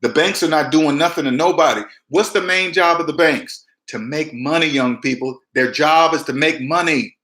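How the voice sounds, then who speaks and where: A man giving emphatic personal finance advice straight to camera, mimicking people with big jumps in pitch. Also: normal speed, few pauses, bright, forceful tone, echoey room. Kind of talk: direct-to-camera advice talk.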